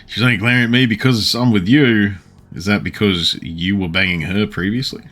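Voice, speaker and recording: Crude joking low-voiced male streamer. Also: steady tone, moderate pace, a bit bright, faint music behind. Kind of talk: casual gameplay commentary.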